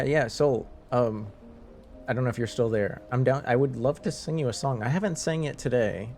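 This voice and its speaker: A man's voice: medium pitch, normal speed, a little mellow, slight background noise. A man chatting casually with viewers on a live stream, rambling, laughing and restarting his sentences.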